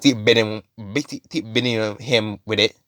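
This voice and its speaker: A man's voice: fairly low pitch, fairly even intonation, measured pace, fairly bright tone, no room sound, clean studio sound. A man casually retelling a story, rambling with lots of fillers and restarts.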